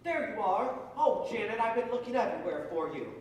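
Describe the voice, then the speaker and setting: An earnest, lovestruck young groom, pleading in an even middle voice. He sounds far from the mic in a very echoey theatre. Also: high-pitched, fairly quick, a little hiss or hum. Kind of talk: stage musical acting.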